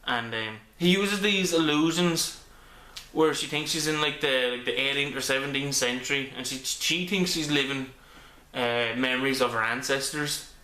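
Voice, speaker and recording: A man's voice: mid-range voice, normal speed, sharp tone. A man reviewing a comic book in a casual video, rambling with many ums and restarts. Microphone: camera mic. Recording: echoey room.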